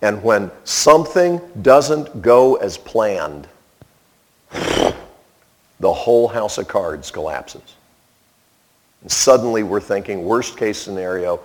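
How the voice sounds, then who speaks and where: A man preaching a sermon, telling a story with animation and acting out the people in it. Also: sits low.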